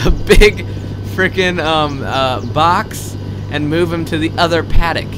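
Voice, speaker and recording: A young man giving live gameplay commentary. He is excitable and swears a lot, swinging between loud outbursts and muttered asides. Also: a little high, takes it slowly, noisy background.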